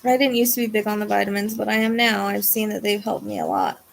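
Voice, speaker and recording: A woman's voice: medium pitch, flat delivery, quick pace, creaky. A woman hosting a psychic livestream, chatting with her viewers in a casual way. She sounds tired and drained, and she rambles, restarts her sentences and trails off.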